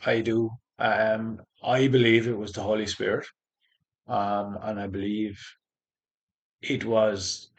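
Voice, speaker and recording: A man being interviewed, telling his personal faith story in a halting, earnest way with many restarts. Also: on the low side, a bit bright. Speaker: interview guest. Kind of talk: conversational faith testimony.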